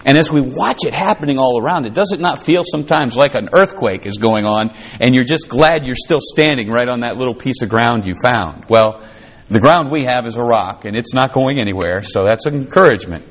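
A man's voice: medium pitch, brisk, highs cut off. A man preaching a sermon in a folksy, conversational way that builds to fervent emphasis. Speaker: pastor.

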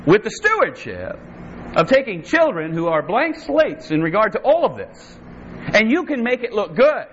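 A man preaching a sermon as pastor, emphatic, with repeated refrains and lively quoted asides. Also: high-pitched, normal speed. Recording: slightly dull sound with faint noise.

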